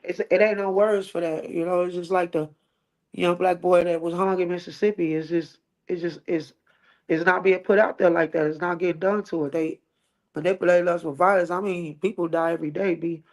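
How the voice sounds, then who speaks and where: A woman from the Midwest, a cook and musician, talking as a guest in relaxed, slangy conversation. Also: on the low side, fairly quick. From American Midwest. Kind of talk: casual interview talk.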